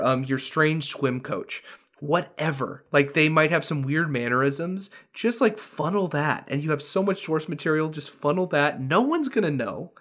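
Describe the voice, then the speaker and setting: A man, a dungeon master, talking casually on a podcast over a video call, animated, with many restarts and frequent laughs. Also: a little high.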